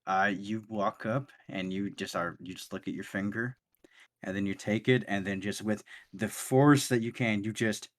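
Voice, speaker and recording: Male game master, lowish voice, loose rambling narration of a tabletop game. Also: steady tone, normal speed.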